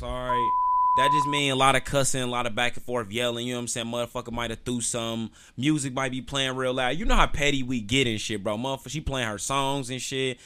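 A man talking into his podcast mic with a bright, forceful edge, spinning loose, profane stories full of slang. His pitch sits in an ordinary middle range, and he rambles from one tangent to the next. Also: smooth. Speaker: podcast host. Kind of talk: casual solo podcast rant.

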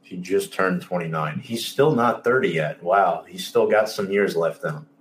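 A man's voice: low voice, normal speed, a little hiss or hum. A man hosting a casual sports talk show, emphatic, exasperated and openly sarcastic. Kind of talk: casual sports podcast chat.

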